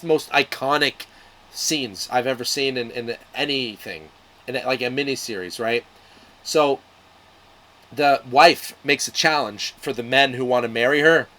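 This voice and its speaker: A man's voice: mid-range voice, a bit bright. A man talking casually to camera, retelling a miniseries plot in a loose, profane way, with lots of restarts and fillers. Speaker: video reviewer.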